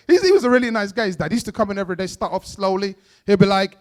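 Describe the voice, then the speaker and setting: Brief: male stand-up comic, very high voice, lively storyteller. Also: rapid-fire. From Bangladesh. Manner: animated storytelling, acts out characters, laughs often. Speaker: stand-up comedian. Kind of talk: stand-up comedy set. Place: event stage.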